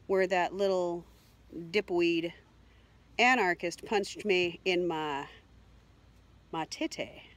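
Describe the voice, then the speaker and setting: A middle-aged woman vlogger telling an emotional personal story, rambling and upset, with many fillers and repeats. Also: fairly low pitch.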